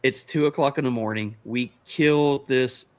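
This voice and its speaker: A man's voice: medium pitch, unhurried, lo-fi sound. A man hosting a podcast, asking questions and telling his own story in casual chat. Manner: asks questions, tells stories plainly. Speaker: podcast host.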